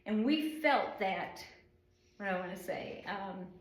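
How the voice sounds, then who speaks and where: A woman's voice: mid-range voice, animated, measured pace. A middle-aged woman from the northern United States teaching an informal Bible study, rambling and chatty with many fillers. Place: church room. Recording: echoey room.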